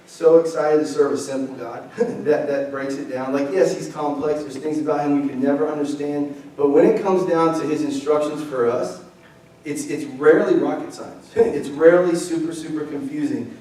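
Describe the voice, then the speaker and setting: A young pastor with a fairly high, steady, dark-toned voice speaks at a normal speed, joking casually and bantering with his congregation despite being weak from illness. The echoey church sanctuary is captured by a distant mic.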